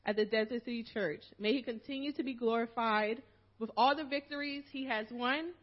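A woman's voice: on the high side, fairly quick, dull audio. Emotional woman giving a church farewell. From Philadelphia. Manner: emotional, holding back tears, laughing nervously. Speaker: minister's wife giving a farewell talk. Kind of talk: reading a prepared farewell speech to a church.

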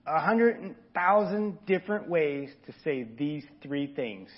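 A man with a fairly high, husky voice preaches in an easygoing, earnest way, talking straight to his listeners. The sermon audio sounds dull and lo-fi. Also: expressive, takes it slowly. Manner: informal, earnest, talks directly to the congregation. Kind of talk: conversational sermon.

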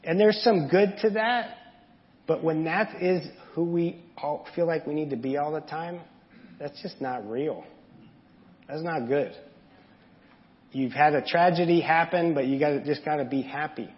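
A man's voice: on the high side, measured pace. Man preaching in a reverberant church. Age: adult parent. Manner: conversational, candid, with asides and questions to the congregation. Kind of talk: sermon. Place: church sanctuary. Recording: dull audio with long hall reverb.

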